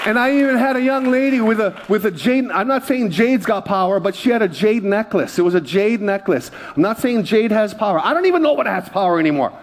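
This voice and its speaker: A man preaching a conversational sermon from a church stage, dropping into quiet asides and rising into loud, excited storytelling. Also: high voice, fairly quick, few pauses, a faint crowd. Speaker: pastor.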